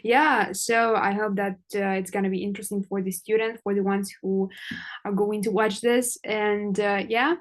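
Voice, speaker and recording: Brief: woman English teacher as interviewer, chatty, mid pitch. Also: little pitch movement, moderate pace. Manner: chatty, with fillers and laughs. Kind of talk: casual interview questions.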